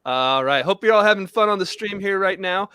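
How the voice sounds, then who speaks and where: A man's voice: high-pitched, animated, brisk, pushed and bright, smooth, dry recording, clean studio sound. A man hosting an online comedy show, playing the exasperated straight man in scripted banter.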